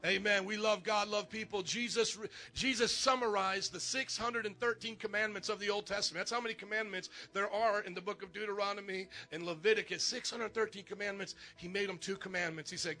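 High, bright-voiced pastor calling out to a congregation. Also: male voice, fast talker, hardly any pauses. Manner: animated, joking, calls out to the congregation. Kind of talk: energetic church announcements. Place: church sanctuary.

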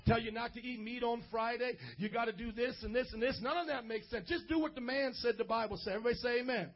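A man preaching a lively sermon as a pastor, playful, calling for responses and acting out little scenes. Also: extremely high pitch, quick pace. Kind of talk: energetic sermon to youth. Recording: dull lo-fi recording.

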